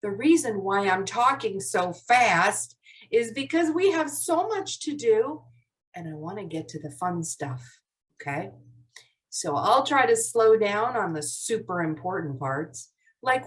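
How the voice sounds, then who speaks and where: A woman's voice: medium pitch, sing-song, unhurried. Cheery woman teacher on a zoom call w/ little kids, takes her time, sounds kinda far off the mic. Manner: cheerful, sing-song classroom voice. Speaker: teacher of a young class. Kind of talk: live online lesson for young children. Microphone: video call computer mic. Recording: voice somewhat distant from mic.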